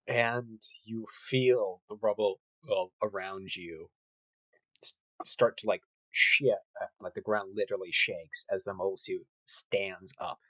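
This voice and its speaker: A man running a tabletop role-playing game, narrating in a casual, halting way. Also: on the low side, fairly even intonation, fairly bright tone, dry recording, low-quality recording. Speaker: game master.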